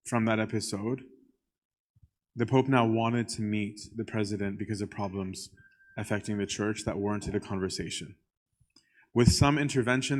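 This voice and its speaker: A man, a priest, telling a church story in a conversational way, often checking in with the listeners and pausing on "um". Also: fairly low pitch. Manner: conversational, keeps checking in with "right?"; frequent filler "um".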